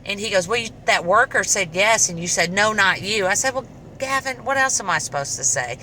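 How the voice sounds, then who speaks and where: A middle-aged woman casually telling a personal story to camera, chatty and animated, acting out the dialogue. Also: mid-range voice, a little fast, slight background noise, rough recording. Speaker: vlogger.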